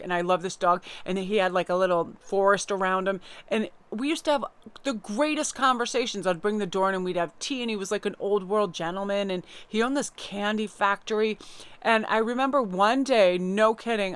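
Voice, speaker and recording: A woman's voice: medium pitch, clear, resonant tone. A woman tarot reader giving a casual, chatty inspirational talk, telling stories with lots of fillers. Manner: chatty, warm storytelling with many fillers.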